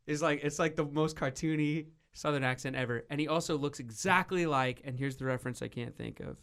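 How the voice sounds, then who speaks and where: A man hosting a radio talk show, bantering casually and rambling in an animated, teasing way. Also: on the high side, fairly quick, few pauses, clear, resonant tone.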